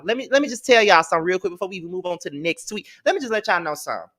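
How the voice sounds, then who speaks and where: A man hosts a live gossip show with a bright, forceful voice, sassy and blunt. He talks straight to his viewers, swears freely and calls them "child" while he reacts. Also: high voice, animated, racing, hardly any pauses. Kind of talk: live celebrity gossip commentary.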